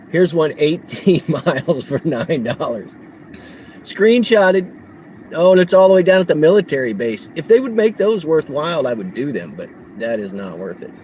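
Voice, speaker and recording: A man livestreaming on the road as a delivery driver, telling a story in a casual, animated way and laughing often. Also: mid-range voice, a little hiss or hum, poor audio.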